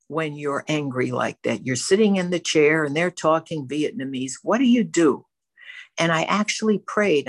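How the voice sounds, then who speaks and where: A woman's voice: low-pitched, slightly rough, dry recording. Candid woman sharing her recovery story. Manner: candid, storytelling, self-reflective. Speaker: twelve-step program member. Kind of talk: personal recovery share. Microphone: facing a camera.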